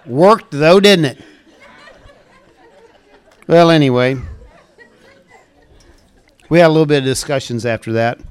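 A man's voice: a little high, expressive, unhurried, pauses often, clean tone, a faint crowd. An older man speaking to a church group in a casual, rambling storytelling way, chuckling at his own puns.

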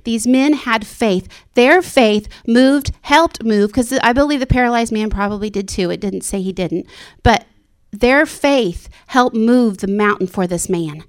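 Woman preaching a sermon, gets really fired up and goes high, whispers the inner-thought bits. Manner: impassioned, rising to high excited exclamations.

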